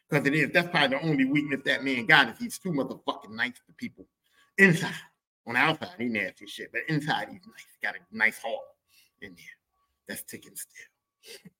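A man telling a comic story on his podcast, animated and profane, repeating lines for emphasis. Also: medium pitch, husky. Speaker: podcast host.

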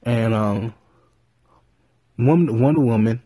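A man vlogging in a rambling, profane, animated way, retelling stories with frequent restarts. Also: medium pitch, slow, slightly rough, dry recording. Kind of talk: casual commentary.

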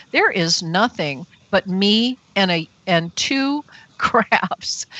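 Woman telling an earnest, animated story. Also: mid-range voice, no echo, low-quality recording. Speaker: guest. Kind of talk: personal story on a talk radio show.

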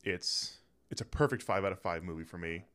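A man's voice: deep voice, a little fast, a bit bright, smooth. A young man co-hosting a podcast in casual chat, enthusiastic and often repeating words as he starts a sentence. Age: young adult. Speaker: podcast co-host.

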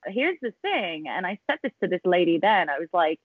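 On a remote call, a woman with a husky, lowish voice chats as a podcast guest, very animated and blunt, swearing freely at a moderate pace with few pauses. It's a casual interview, recorded dry but sounding tinny and phone-like.

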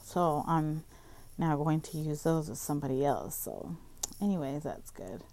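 A woman's voice: deep voice, lively intonation, unhurried, dark tone. A woman telling a casual storytime rant, exasperated and profane, with "like" in almost every sentence. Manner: profane, exasperated, heavy use of "like". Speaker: vlogger.

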